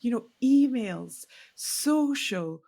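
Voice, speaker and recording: Animated woman podcast co-host. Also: a little high, very slow, vocal fry. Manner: animated, many restarts and asides. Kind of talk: casual industry chat.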